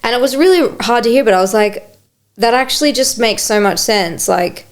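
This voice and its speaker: A woman's voice: on the high side, brisk. A young woman hosting a podcast, telling a story in casual chat, swearing freely and acting out quotes. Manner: animated, swears freely, acts out quotes in a raised voice. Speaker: podcast host.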